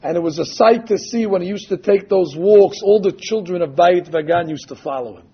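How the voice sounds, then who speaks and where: A man preaches a sermon, weaving in stories and stressing quoted passages with slow emphasis. His voice sits high and husky. The recording is dull and lo-fi. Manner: emphatic, drawn-out quoting of texts. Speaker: rabbi or religious teacher. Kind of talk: sermon with storytelling.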